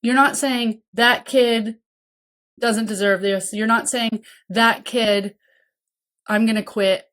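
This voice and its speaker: A woman's voice: a little high, fairly even intonation, slow, a bit bright. Female podcast host, casual coaching monologue, earnest, acts out caregivers' inner thoughts, frequent "okay?" check-ins. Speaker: podcast host and mentoring program founder.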